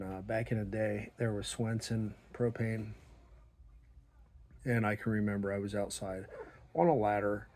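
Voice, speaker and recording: A middle-aged man telling a story about his small business in a blunt, profane, animated way, acting out the dialogue. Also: lowish voice. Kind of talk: casual storytelling monologue.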